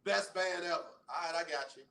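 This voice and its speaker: A man hosting a casual radio talk show, animated as he banters with listeners and callers. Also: fairly high pitch, normal speed, roomy sound, poor audio. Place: radio studio.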